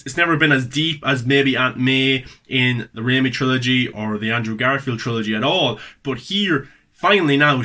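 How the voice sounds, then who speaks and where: A man's voice: medium pitch, sharp tone. A man hosting a casual spoken movie review, enthusiastic and repeating words for emphasis.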